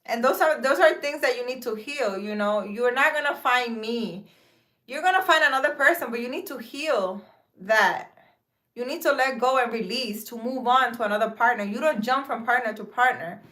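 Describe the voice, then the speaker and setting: Outdoors in a park, a woman in her thirties who hosts a live stream and gives spiritual advice speaks earnestly and emphatically to her viewers about relationships and faith. Her voice sits on the high side and sounds a bit bright, moving at a normal speed. It's a casual spiritual advice talk.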